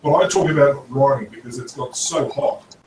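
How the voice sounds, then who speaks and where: Man, halting chatty delivery, roomy distant sound with faint hiss. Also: medium pitch, a little mellow. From Australia. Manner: hesitant, many fillers. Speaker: panel guest. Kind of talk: casual live-stream chat.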